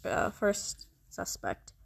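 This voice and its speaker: A young woman playing a murder mystery game, reacting dramatically with swearing, gasps and talking to herself. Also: slow. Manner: dramatic, swears and talks to herself, sudden high shrieks and gasps. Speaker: player.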